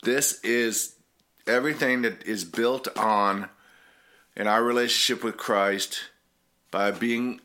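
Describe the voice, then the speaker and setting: A man's voice: on the low side, pushed and bright. A man giving an informal Bible teaching, earnest and rambling, often restarting his sentences. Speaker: preacher.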